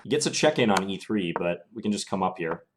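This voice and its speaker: A young man streaming chess live, calmly thinking aloud through his moves in a casual, analytical way. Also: low-pitched, quick pace, background noise.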